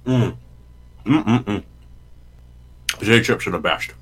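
A man's voice: on the low side, takes it slowly, a bit bright, breathy edge, poor audio. A man from Canada co-hosting a podcast in casual chat, joking, swearing and eating on mic. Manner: eats on mic, swears, jokey. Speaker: podcast co-host.

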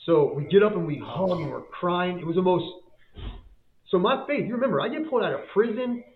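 A man's voice: high voice, animated, fairly quick. A man giving a fervent faith testimony as a guest, in casual slang with frequent repeats and restarts. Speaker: guest, business owner. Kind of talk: emotional faith testimony storytelling. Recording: tinny phone-like line.

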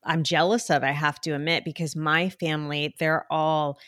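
A woman's voice: deep voice, flat delivery, normal speed, fairly bright tone, no room sound, clean studio sound. Candid woman with a Jersey accent. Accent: New Jersey. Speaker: podcast guest. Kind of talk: candid conversational interview.

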